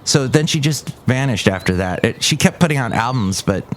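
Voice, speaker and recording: Middle-aged guy rambling on his podcast, mid pitch, bit of hiss behind. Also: expressive, fairly quick. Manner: rambling, chatty, full of fillers. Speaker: podcast host. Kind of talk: casual chat.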